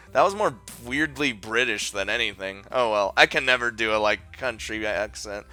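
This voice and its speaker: A man's voice: fairly low pitch, normal speed, sharp tone, soft background music. A man hosting a let's play, narrating a visual novel and adding casual, self-mocking comments with swearing.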